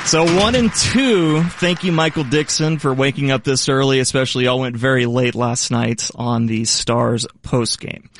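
A man's voice: medium pitch, moderate pace, hardly any pauses, fairly bright tone, a little hiss or hum. A man hosting a sports show segment in a playful, upbeat way. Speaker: host.

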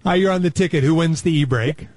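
A man hosting a morning radio call-in show, briskly taking callers. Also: a little high, darkish tone, dry recording. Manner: brisk, amused. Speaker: radio host.

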